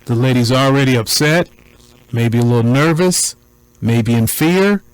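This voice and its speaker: A man commenting on a recording in a deliberate, preacher-like cadence, repeating points for emphasis. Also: mid-range voice, animated, clear, resonant tone, no room sound, poor audio.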